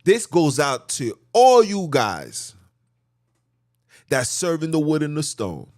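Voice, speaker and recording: A man preaching on his podcast in a slightly high, very lively voice, leaning on slang and repeating his points. His pitch leaps around as he drives each point home, and the dry, close sound has almost no room echo. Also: takes it slowly. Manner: preacherly, repetitive, sliding from loud emphasis to near-mutters; casual street slang. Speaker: podcast host. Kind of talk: religious teaching monologue.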